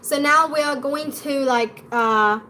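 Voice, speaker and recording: A young woman with an acquired British accent, answering viewer questions as an English pronunciation coach in a live stream, in a quick, chatty way. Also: high-pitched, pushed and bright, a little hiss or hum.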